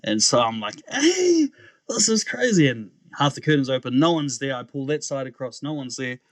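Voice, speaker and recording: A man's voice: medium pitch, a little fast, no room sound. A man with a New Zealand accent, a podcast guest who tells his testimony animatedly and often calls the host "bro.". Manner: animated storyteller, often says "bro", acts out voices. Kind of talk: testimony storytelling.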